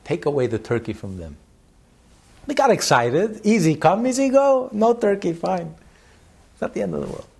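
A man's voice: high voice, sing-song, normal speed, gravelly, a little mellow, breathy edge, pitched above the performer's own voice, heavily acted. A man doing a wise, dry-witted old dean. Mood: knowing.

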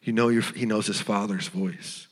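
A man preaching a sermon as pastor, earnest and tender, sometimes dropping to a hushed voice. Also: on the low side, steady tone, normal speed, long reverb tail. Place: church sanctuary.

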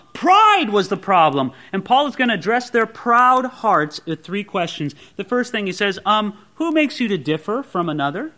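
A male preacher delivers a lively sermon and talks straight to his listeners as friends. His voice sits high and bright, with pitch that rises and falls a lot. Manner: animated, addresses listeners as friends, acts out quotes.

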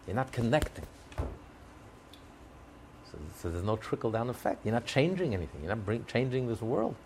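A man's voice: medium pitch, sing-song, normal speed, a little mellow, slight background noise. A man teaching a Torah class with emphatic, repeated rhetorical questions and occasional chuckles.

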